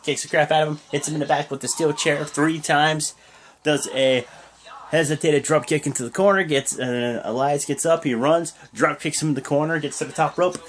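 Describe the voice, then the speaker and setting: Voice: mid-range voice, steady tone, moderate pace, a little hiss or hum. A young adult vlogger giving a rambling, casual play-by-play recap of a wrestling show, often stopping to recall details. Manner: rambling, full of fillers and restarts.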